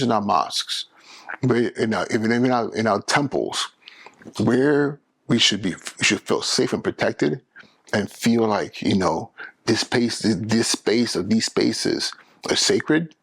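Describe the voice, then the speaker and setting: A man hosting his own podcast, talking in an animated, emphatic way and often restarting his phrases. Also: lowish voice, vocal fry, husky, no echo. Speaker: podcast host. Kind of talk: casual solo podcast monologue.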